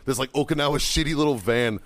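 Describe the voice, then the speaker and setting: A man's voice: mid-range voice, fast, dry recording. Profane middle-aged man telling war stories. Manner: heavily profane, heated storytelling; bursts into loud yelling while acting out quotes. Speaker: podcast co-host and former Marine. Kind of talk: casual chat, storytelling.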